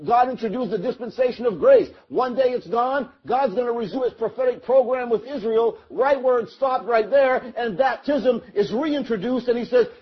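A man's voice: very high voice, moderate pace, few pauses, breathy edge, lo-fi sound. A man preaching a sermon, teaching verse by verse and acting out the scene in the story. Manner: storytelling, acts out the crowd and Noah, rising to shouts.

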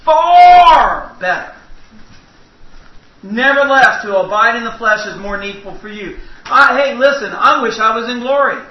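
A man's voice: extremely high pitch, fairly quick, hardly any pauses. A man preaching a sermon in a church, telling folksy, humorous stories. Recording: echoey hall, distant mic, dull sound.

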